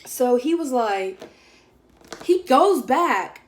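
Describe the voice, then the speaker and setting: A woman's voice: sits high, very animated, drawn-out words. Chatty young woman vlogging a story. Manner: chatty, filler-heavy, acts out quoted friends. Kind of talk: casual storytelling.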